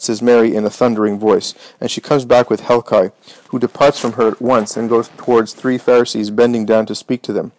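A man narrating an audiobook in a measured, dramatic reading voice. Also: fairly low pitch, flat delivery, darkish tone, no echo, poor audio. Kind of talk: scripted narration.

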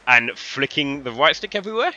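A young man from London with a London English accent, chatting excitably to viewers and swearing freely while commentating his own football game. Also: on the high side, fairly quick, muffled recording. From London, England. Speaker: gaming streamer. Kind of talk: live gameplay commentary.

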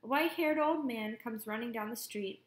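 A woman narrating an audiobook in first person, with wry, lively storytelling. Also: fairly high pitch, normal speed. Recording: echoey room.

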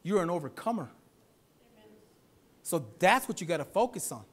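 A male pastor preaching at a church service, swinging from loud exhortation to softer speech and calling out to the congregation for a response. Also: high-pitched, sing-song, moderate pace, husky. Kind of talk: sermon.

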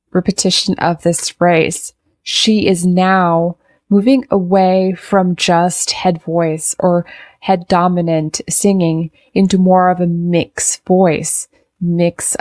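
A woman's voice: on the low side, level tone, slow pace, a little mellow, no room sound, studio quality. A woman vocal coach reacting to a performance, analyzing technique and singing short phrases to demonstrate. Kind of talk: reaction video commentary.

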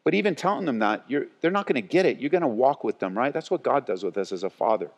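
Male pastor, animated sermon delivery, rising to loud and dropping to quiet, big reverberant sanctuary sound. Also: mid-range voice, fast, dull audio. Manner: animated, swings between loud and hushed. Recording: long church hall reverb.

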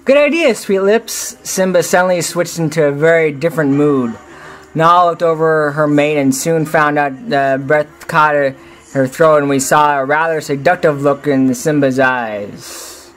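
A man narrating a fan-written story, reading haltingly with frequent restarts. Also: fairly high pitch, steady tone, fairly bright tone. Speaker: reader.

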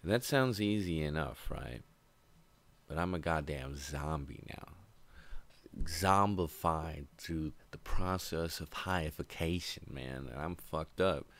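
A man's voice: a bass voice, slow pace. A young man telling a storytime tale in a casual, profane, laid-back rambling way. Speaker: vlogger. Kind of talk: storytime monologue.

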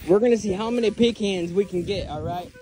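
A man's voice: high voice, brisk, low-quality recording. A young man vlogging outdoors in a backyard, joking playfully with his twin and narrating what he is doing. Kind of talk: casual vlog banter. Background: loud music.

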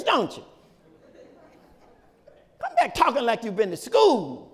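Man preaching in church, fairly high voice that swings all over, long hall echo. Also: wildly swooping pitch, normal speed, pauses often. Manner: folksy, repetitive preaching with shouted peaks and laughs. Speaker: pastor. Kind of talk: sermon. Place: church sanctuary.

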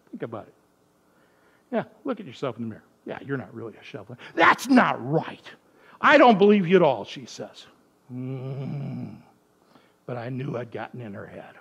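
A man preaching a sermon in a church, telling a family story with lively acted-out voices. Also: mid-range voice, vocal fry, breathy edge. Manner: animated storyteller acting out voices. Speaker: pastor.

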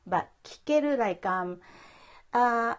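A woman teaching a live-streamed language lesson. She speaks slowly and patiently, repeating words for her viewers, with a gravelly edge to her voice. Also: mid-range voice, lively intonation, a little mellow, lo-fi sound. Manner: patient, repeats phrases, mixes English and Japanese. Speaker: Japanese teacher. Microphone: phone.

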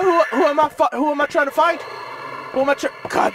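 A man's voice: very high-pitched, fast, over music. A man commentating a horror game, panicky and joking, yelping and screaming when scared. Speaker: let's play gamer.

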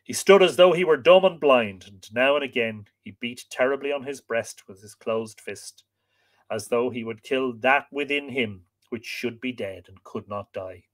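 A man hosting a livestream, reading an old tale aloud with expressive, lilting storytelling. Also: mid-range voice, normal speed. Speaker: host.

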